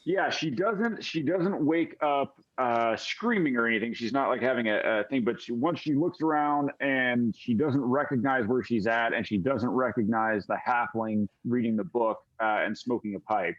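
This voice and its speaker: Halting man running a tabletop game. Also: medium pitch. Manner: halting, lots of fillers. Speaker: game master. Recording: dull lo-fi audio.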